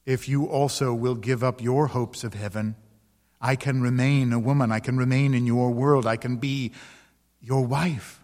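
A man reading the lines of a devoted ghostly woman from a painting in a ghost story, slow, tender and pleading. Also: mid-range voice, steady tone, darkish tone, big-room sound, close to an everyday voice.

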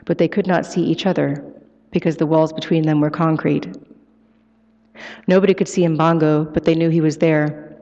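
A woman author giving a live, expressive book reading and taking questions in an event hall. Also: low-pitched, normal speed, long pauses. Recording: echoey hall, muffled live sound.

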